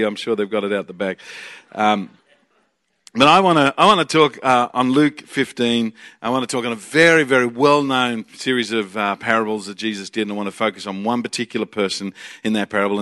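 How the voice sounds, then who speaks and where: A man's voice: mid-range voice, sharp tone, no room sound, studio quality. An Australian man in his forties, a guest pastor preaching a chatty, joking sermon with bursts of energy.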